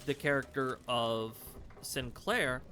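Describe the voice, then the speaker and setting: A man's voice: medium pitch, slow pace, noisy background. A man giving casual gameplay commentary as a let's play host, rambling with fillers and self-corrections. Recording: game music underneath.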